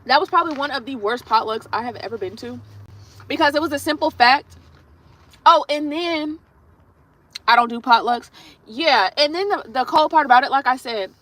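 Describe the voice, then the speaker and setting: A woman's voice: high-pitched, moderate pace, pauses often, sharp tone, low-quality recording. A woman hosting a nail livestream, chatting through a blunt, profane story in a casual storytelling way. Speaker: nail artist livestream host. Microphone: streaming setup while doing her nails.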